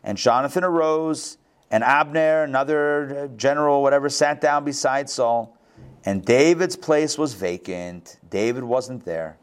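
A man teaching a Bible class. He reads verses aloud and breaks in with casual commentary, full of restarts and quick asides. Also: mid-range voice, clear, resonant tone.

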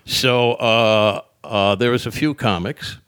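A man's voice: on the low side, takes it slowly, smooth, dry recording, studio quality. An older man, a comedian guest, telling stories in casual chat and acting out quotes with a raised voice. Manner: animated storyteller, acts out quotes in raised voices.

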